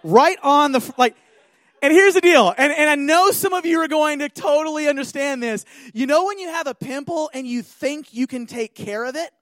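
Guy with a high voice telling his own story, lively, keeps saying right, dry close sound. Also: moderate pace, no echo. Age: adult. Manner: animated, keeps checking in with listeners. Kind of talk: personal storytelling talk.

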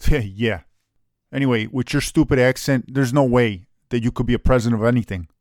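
A man's voice: mid-range voice, moderate pace, darkish tone, dry recording, studio quality. A man with a brash, profane, opinionated way of talking, casually co-hosting a soccer chat. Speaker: soccer podcast co-host.

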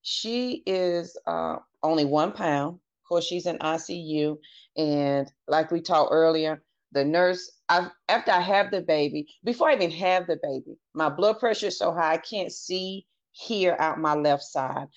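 Podcast guest: woman with a lowish voice, candid and earnest, recounting her story on a dull lo-fi recording. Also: unhurried. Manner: earnest, candid, retells dialogue in her own voice. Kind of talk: personal storytelling interview. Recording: dull lo-fi audio.

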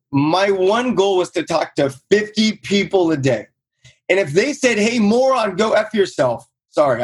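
A man in his thirties from Southern California, telling his own story in a casual interview and acting out quotes with a raised voice. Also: slightly rough. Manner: energetic storyteller, acts out quotes in higher voice. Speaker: guest, real estate investor.

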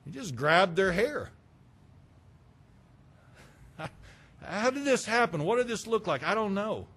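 A man preaching a sermon, fervent and emphatic, breaking into loud bursts. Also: high voice, expressive, slow pace, slightly rough.

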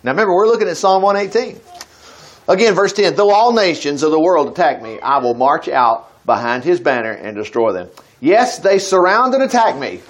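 A middle-aged man teaching scripture in a folksy, animated way, moving between reading verses and casual asides. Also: a little high, moderate pace. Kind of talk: informal Bible teaching.

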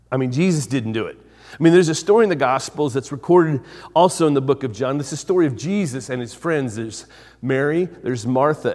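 A man preaching a sermon as pastor, moving from loud emphatic phrases to hushed, slow ones and repeating words for weight. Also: mid-range voice, big-room sound.

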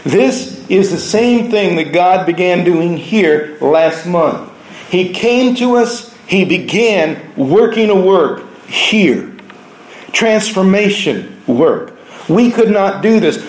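A man preaching a sermon, telling stories from his week in an earnest way, now softly, now with force. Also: high-pitched, lively intonation, slow pace, roomy sound, poor audio. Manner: earnest storytelling preaching, shifting between soft and raised delivery.

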